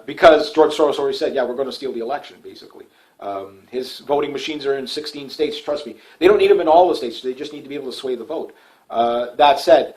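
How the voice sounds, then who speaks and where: A man's voice: mid-range voice, darkish tone, low-quality recording. A middle-aged man delivering a casual political monologue to his channel, rambling and repetitive with frequent restarts. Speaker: political YouTuber.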